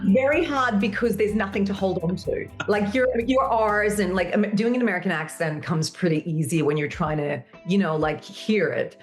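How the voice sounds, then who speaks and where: A woman's voice: medium pitch, normal speed, few pauses, faint music behind. Chatty Australian woman guest. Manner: animated, chatty storyteller with emphatic asides. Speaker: actress and guest. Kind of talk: casual interview chat.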